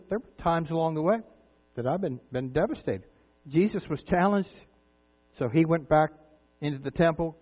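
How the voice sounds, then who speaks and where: A preacher, a man in his fifties or older, giving an earnest, conversational sermon full of rhetorical questions. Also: medium pitch. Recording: tinny phone-like sound with mains hum.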